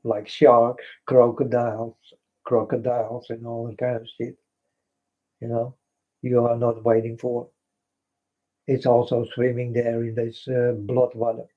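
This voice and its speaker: A native Dutch speaker with a Dutch accent rambles through a spiritual vlog monologue in broken English, his medium-pitched voice monotone and unhurried. He repeats himself and calls out to his folks, and the recording is dull and lo-fi.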